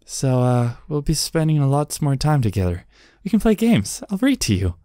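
A man voicing a gentle, tired mother with a soft, smooth, soothing manner in a game. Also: mid-range voice, huge pitch swings, normal speed, no room sound, studio quality. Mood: tender.

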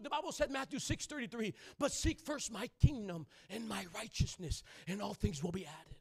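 A man preaching a sermon in a church, calling out to the congregation and rising into loud shouting. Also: high-pitched, fairly quick, hardly any pauses, husky. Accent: Southern California. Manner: call-and-response preaching, building to loud shouting. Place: church sanctuary.

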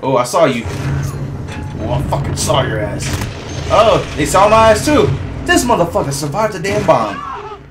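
A man streaming a shooter game, swearing, laughing and reacting loudly as he plays. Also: on the high side, big pitch swings, unhurried, pauses often, music in the background. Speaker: gaming streamer. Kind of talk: casual gameplay commentary.

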